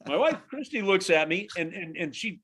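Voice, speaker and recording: A man in his forties, a hockey radio broadcaster, telling a story on a casual podcast with lively, halting restarts. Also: high-pitched, husky.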